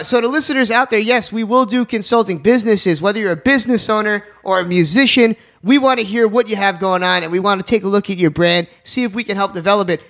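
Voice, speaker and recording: A man's voice: high voice, fairly bright tone. A man hosting a casual radio talk show, joking around and plugging sponsors. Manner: jokey, plugs sponsors, fast asides.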